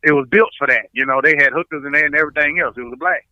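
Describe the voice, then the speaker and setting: A man, a comedian guest chatting on a podcast and telling stories in an animated way, stumbling over repeated words. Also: on the high side, rapid-fire, no echo, dull audio. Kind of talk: casual podcast chat.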